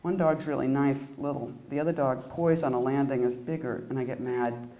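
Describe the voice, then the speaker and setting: A woman poet giving a live reading of her own poems, with halting, self-deprecating asides between them. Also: very deep voice, fairly even intonation, warm tone. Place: indoor reading room at an arts center. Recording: echoey room.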